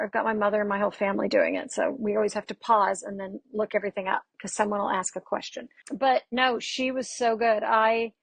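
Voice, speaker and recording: A woman dialect coach talks casually on a podcast, her voice slightly high with a husky, gravelly edge. She tells stories in a chatty, animated way with quick asides. The sound is close and dry. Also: no echo. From Texas.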